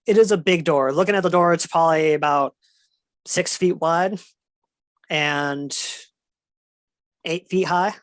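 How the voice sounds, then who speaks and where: A man narrating as game master of a tabletop game, relaxed and descriptive with fillers. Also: a little high, a little slow, long pauses, no room sound.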